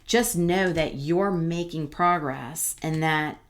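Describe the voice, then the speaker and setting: Slow, low-voiced woman reading tarot. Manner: rambling, reassuring, many fillers and restarts. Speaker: tarot reader.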